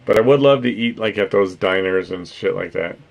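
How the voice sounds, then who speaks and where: A man's voice: low-pitched, fairly quick, creaky. A man chatting casually with viewers on a stream, rambling, swearing freely and laughing often, with no particular accent. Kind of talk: casual livestream chat.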